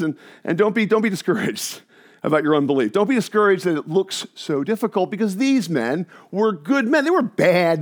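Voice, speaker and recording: A man preaching a sermon in an animated way, often restarting and repeating his words. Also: on the high side. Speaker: pastor.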